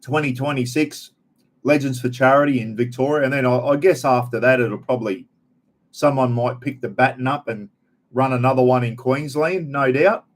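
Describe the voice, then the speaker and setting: A man's voice: mid-range voice, normal speed. A middle-aged Australian man hosting a casual live chat, talking in a rambling, blokey, slangy way straight to his viewers. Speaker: live stream host.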